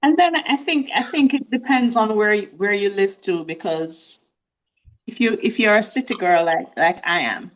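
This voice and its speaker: Woman guest, mid-pitch, agreeable, thoughtful casual chat. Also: moderate pace, low-quality recording. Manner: thoughtful, agreeable, many affirmations. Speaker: guest on a sewing live stream.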